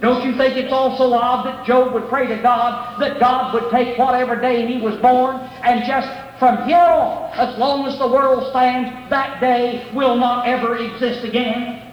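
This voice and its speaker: A middle-aged man preaching an earnest, pleading sermon in a church, pausing to read scripture aloud. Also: very high-pitched, fairly even intonation, dull audio. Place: church sanctuary. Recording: echoey hall, faint room ambience.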